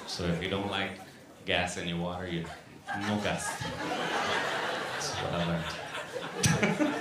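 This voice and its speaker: A man doing a stand-up routine, animated and profane, swinging from shouting to muttering, recorded in an echoey club room with ambience. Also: low-pitched, slow pace, long pauses, a crowd in the background, noisy background. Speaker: stand-up comedian.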